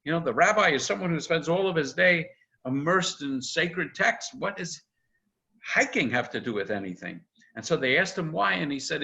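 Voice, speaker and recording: An older man, a rabbi, giving a chatty, animated informal lecture, quoting texts with frequent "uh"s. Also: on the high side, normal speed, gravelly. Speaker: rabbi teaching an intro class. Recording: dull lo-fi video-call audio.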